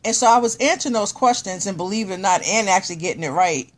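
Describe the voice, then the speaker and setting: A middle-aged woman talking casually to viewers on a live stream, excited and encouraging, thanking people as she tells a personal story. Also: mid-range voice, quick pace. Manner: excited, animated, preachy encouragement.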